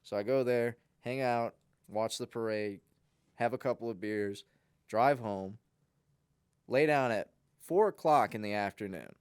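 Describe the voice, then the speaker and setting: Young guy rambling through a story, lowish smooth voice, dry sound. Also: a little slow, long pauses, dry recording. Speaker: podcast co-host. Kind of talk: casual storytelling chat.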